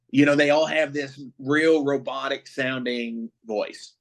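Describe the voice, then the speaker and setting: A man co-hosting a podcast, chatting casually with a profane, excitable fan's rambling. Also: mid-range voice, measured pace, few pauses. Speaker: podcast co-host. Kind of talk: casual chat.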